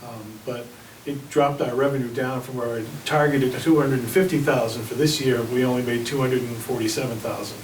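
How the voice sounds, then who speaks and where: Fire chief in an echoey meeting room. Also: male voice, medium pitch, steady tone, fairly quick, slight background noise. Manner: plainspoken, anecdotal. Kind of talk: reporting at a town board meeting. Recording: echoey room, mic at a distance.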